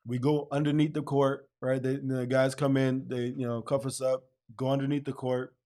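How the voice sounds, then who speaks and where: A man hosting an interview, telling a story in an animated way and laughing often. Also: medium pitch, normal speed. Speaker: host.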